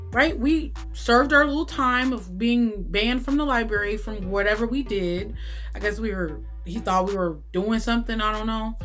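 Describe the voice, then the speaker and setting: Animated, foul-mouthed woman telling a story. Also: on the high side. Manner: animated, swears freely, lots of "like" and "right?". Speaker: YouTube storyteller. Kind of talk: casual storytime vlog.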